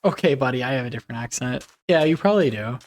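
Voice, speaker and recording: A man's voice: medium pitch, animated, quick pace. A man chatting casually with his viewers on a live game stream, laughing often.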